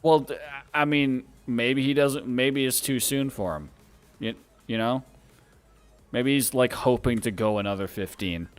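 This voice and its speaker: A man's voice: mid-range voice, measured pace, soft background music. A man streaming a driving game, chatting casually with lots of laughs and rambling restarts.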